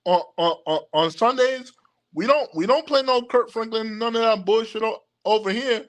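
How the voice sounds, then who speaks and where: A young man hosting a livestream, talking casually to his viewers, halting and full of stammered restarts, often laughing. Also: high voice. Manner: addresses viewers directly as "y'all". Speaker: occult livestream host. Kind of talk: rambling casual livestream talk.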